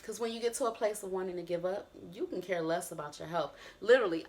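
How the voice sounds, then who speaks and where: A young adult woman vlogging a personal reflection, earnest and emotional, sometimes dropping into soft, gentle self-talk. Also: on the low side.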